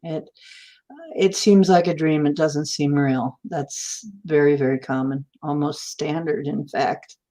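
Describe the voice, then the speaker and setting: A woman hosting a casual stream discussion, reassuring and trailing off quietly at times. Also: deep voice, fairly even intonation, unhurried. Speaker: stream host. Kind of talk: casual chat.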